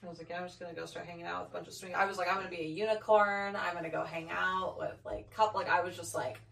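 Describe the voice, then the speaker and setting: A woman co-hosting a podcast, blunt and teasing, quick to cut in during a candid chat. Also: fairly low pitch, fairly even intonation, gravelly, a bit bright, echoey room, distant mic. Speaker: podcast co-host.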